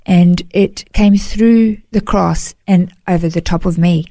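A woman giving an earnest, emotional personal testimony in a podcast interview, halting now and then to restart a thought. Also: lowish voice, steady tone, mellow, no room sound, studio quality. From Australia. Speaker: interview guest.

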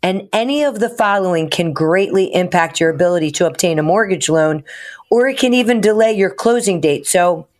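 A woman's voice: on the low side, a little fast, darkish tone. Woman giving mortgage advice on radio. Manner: practical, explanatory. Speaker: mortgage lender, radio co-host.

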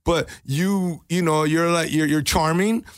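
A man's voice: fairly high pitch, unhurried, no room sound. A middle-aged male comedian and coach telling stories in a casual podcast chat, swearing freely and calling people bro. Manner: animated storyteller, swears and says bro.

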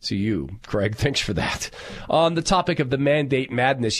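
A middle-aged man hosting a talk radio show, telling stories and reading listener texts in a loud, animated way. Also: mid-range voice, normal speed.

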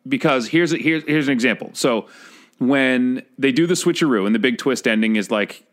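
Male co-host, reflective casual talk, hesitant, middle pitch. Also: normal speed, fairly bright tone. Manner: thoughtful, hesitant, many restarts. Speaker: podcast co-host, movie reviewer. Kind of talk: casual chat.

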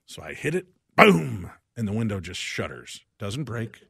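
A man guest-hosting a talk radio show, telling a personal story in an animated way and acting out each person's lines. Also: lowish voice, unhurried, gravelly, breathy edge, no room sound, studio quality.

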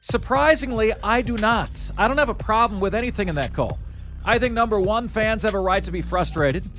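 An energetic man with a high voice hosts a sports talk radio countdown, addressing listeners as folks. Faint music runs underneath. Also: fairly quick.

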